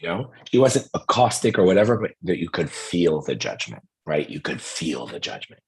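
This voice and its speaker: A middle-aged man with a hoarse voice, telling a story in a casual, animated way and acting out the people in it. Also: low-pitched, normal speed. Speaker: host.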